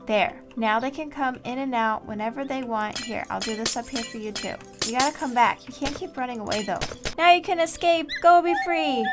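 A woman hosting a game series, giving chatty, casual gameplay commentary and talking playfully to the animals in the game. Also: sits high. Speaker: Minecraft series host.

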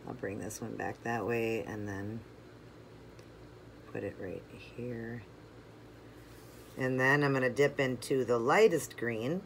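A nail art channel host talking viewers through each step of a toe design while working, chatty and relaxed, sometimes drifting away from the mic. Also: medium pitch, slow pace, gravelly, long pauses, a little hiss or hum. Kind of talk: step-by-step craft tutorial.

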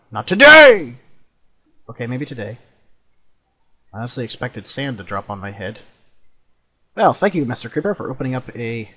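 Animated young man narrating a game. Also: medium pitch, breathy edge. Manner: chatty, swears, jumpy exclamations. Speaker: let's play host. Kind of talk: casual gameplay commentary.

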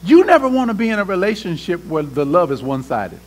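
High-voiced pastor preaching a lively sermon. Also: male voice, fast talker, slight background noise. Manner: animated preaching, acts out prayers and voices, talks to the congregation. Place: church sanctuary.

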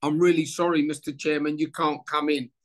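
A man's voice: a little high, a little fast. A man in his sixties telling an anecdote in a casual interview, acting out the dialogue as he goes. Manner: animated storyteller acting out dialogue. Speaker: former footballer interviewee.

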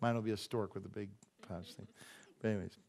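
A man preaching a sermon in a church, animated and joking, acting out quick voices for the people he talks about. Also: fairly low pitch. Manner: animated, acts out voices and jokes with the congregation. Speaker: pastor.

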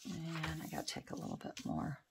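A woman's voice: low-pitched, wildly swooping pitch, brisk, creaky, slight background noise. A woman hosting a crafting video, chatting casually as she works and teasing herself for being scatterbrained. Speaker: craft channel host. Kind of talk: casual crafting vlog chat.

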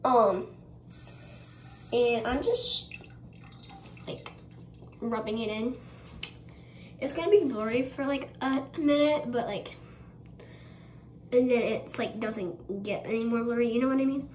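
A young vlogger talks her way through a get-ready-with-me video in a slightly high, somewhat mellow voice, going slowly and pausing often. She rambles casually with many fillers and giggles, and the echoey room carries ambient noise.

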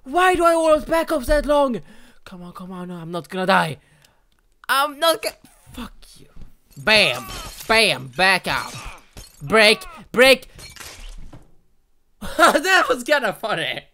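A young man narrates his own gameplay in a high, bright voice, swinging from wild yelling to muttered asides. He curses at the game and cheers loudly at each small win, in no hurry between outbursts. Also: slow pace, pauses often, a little hiss or hum. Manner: loud, excitable, yelling and swearing at the game. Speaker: gaming channel host. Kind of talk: let's play commentary.

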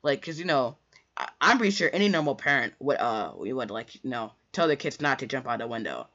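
Bright-voiced rambling young storyteller man. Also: medium pitch, very animated, fairly quick. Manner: rambling, full of fillers and restarts, slangy "bro". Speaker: storyteller vlogger. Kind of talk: casual storytime monologue. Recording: dull lo-fi recording.

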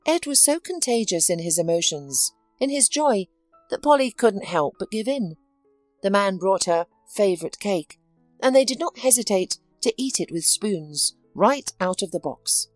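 A woman narrating a dramatic story with scripted, expressive delivery. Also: medium pitch, measured pace, no room sound, faint music behind.

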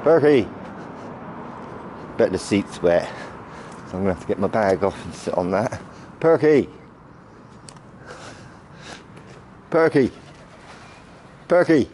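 A man's voice: low-pitched, steady tone, brisk. A man in his fifties vlogging casually outdoors on a city street, chatting in a rambling way and calling fondly to pigeons by name. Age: 50s. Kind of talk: casual walk-and-talk vlog. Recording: outdoor traffic noise behind.

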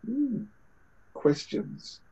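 A man's voice: drawn-out words, warm tone, lo-fi sound. A man with a British accent preaching a sermon over a video call, conversational, with scripture quotes and fillers. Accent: British English.

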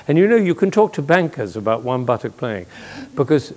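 An older man giving a lively, playful talk to an audience, telling stories and jokes as a speaker on music and leadership. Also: mid-range voice, a little fast. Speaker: conductor and speaker.

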